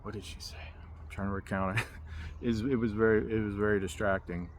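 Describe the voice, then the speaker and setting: Male vlogger, casual rambling storyteller, fairly low voice, outdoor recording with light noise. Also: flat delivery, brisk. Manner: rambling, filler-heavy, with restarts and 'like'. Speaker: spiritual vlogger. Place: outdoors in a hammock.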